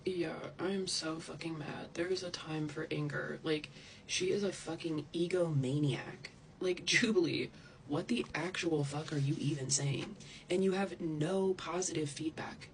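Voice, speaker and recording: A woman vents straight into the camera, heated and profane, her complaints spilling out in rambling asides. Her voice carries a rough, creaky texture. A faint hiss of noise sits under the recording. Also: sits low, a little slow, low-quality recording. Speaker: social media creator. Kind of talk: angry direct-to-camera rant.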